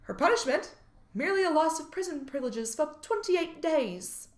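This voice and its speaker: High-voiced woman telling a true crime story, voice jumps all over, bit of room echo. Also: very animated, moderate pace. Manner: reads case details, then jokes and swears. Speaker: podcast co-host. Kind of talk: true crime podcast chat.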